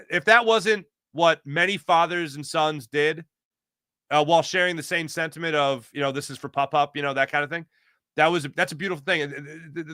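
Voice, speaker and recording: A man from talks with a bright, forceful voice that sits a little high. He tells animated stories in casual chat, and the sound is dry and close. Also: no echo. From Philadelphia. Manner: excited storytelling, animated. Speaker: guest.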